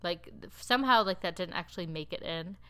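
Woman, casual recap chat, rambling, filler-heavy, bright crisp voice. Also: fairly low pitch, brisk. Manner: animated, laughing storyteller. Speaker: TV recap podcaster.

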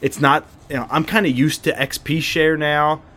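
A man's voice: fairly high pitch, steady tone, normal speed, fairly bright tone. A man co-hosting a podcast, chatting casually and rambling, laughing easily. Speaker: podcast co-host. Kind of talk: casual chat.

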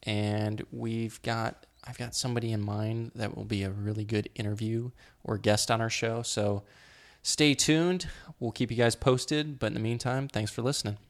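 Relaxed low-voiced male podcast host. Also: moderate pace, few pauses. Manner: relaxed, plain-spoken, reads show outro. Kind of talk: casual podcast chat.

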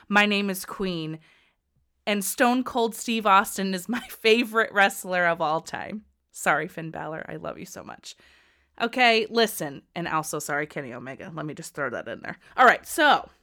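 A woman in her thirties hosting a podcast, bubbly and laughing, swinging from loud to soft. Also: medium pitch. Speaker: podcast host.

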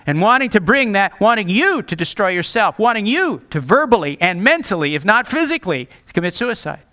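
A man's voice: high-pitched, sing-song, fairly quick, bright, forceful tone. A male pastor preaching a sermon, earnest and direct, pleading with his listeners.

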